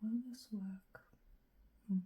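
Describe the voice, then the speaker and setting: A woman hosting a casual crafting tutorial, thinking aloud in a scratchy, slightly hoarse voice and often clearing her throat. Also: mid-range voice, steady tone, slow, lo-fi sound. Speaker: craft channel host.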